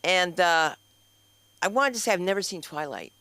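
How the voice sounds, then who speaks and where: A man emcees an open mic from a club stage, his voice sitting high and sounding bright and ringing. He rattles off jokes and talks straight to the crowd between acts. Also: animated, normal speed, smooth, no room sound. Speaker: comedy show host. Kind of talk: stand-up hosting banter.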